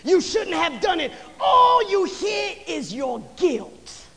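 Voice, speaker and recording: A preacher delivering a sermon, swinging between shouted lines and hushed passages with rhythmic repeated phrases. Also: extremely high pitch, big pitch swings, slow, gravelly. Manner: repetitive, rhythmic build-up of phrases. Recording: long hall reverb.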